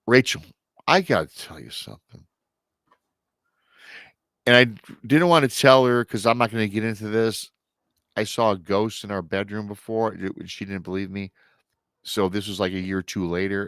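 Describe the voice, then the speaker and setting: A man in his thirties, a podcast guest, telling a personal paranormal story in a casual, animated way and acting out the people he quotes. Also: on the low side, dry recording. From Michigan.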